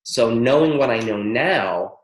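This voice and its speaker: Excitable man swearing freely in an echoey room. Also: medium pitch. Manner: excitable, swears freely, rapid-fire incantation lists. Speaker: spiritual workshop leader. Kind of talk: live teaching call with interpreter.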